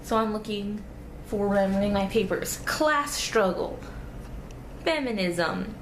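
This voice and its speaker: A woman's voice: medium pitch, expressive, measured pace, roomy sound, background noise. A young woman vlogging at home, rambling casually about her studies and cooing baby talk to a toddler. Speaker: vlogger and student babysitter. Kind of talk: casual vlog chat. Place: home, indoors. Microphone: camera on a table.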